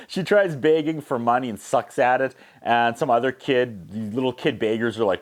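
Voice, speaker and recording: A man recapping a movie's plot with sarcastic asides, briefly acting out the characters in quick voices. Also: medium pitch. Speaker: movie reviewer.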